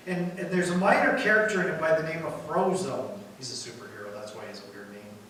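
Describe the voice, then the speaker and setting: Male pastor, emphatic sermon, fairly high voice, faint room hum behind. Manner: emphatic, builds to loud points then drops quiet. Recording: echoey hall from far off.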